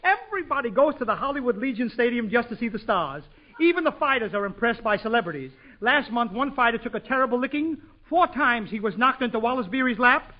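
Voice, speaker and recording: A man's voice: extremely high pitch, sing-song, fast. A man hosting a 1940s radio comedy show, punching out jokes in a bouncy, playful way. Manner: bouncy, joke-punching delivery with frequent laughs. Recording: muffled 1940s radio broadcast with studio audience.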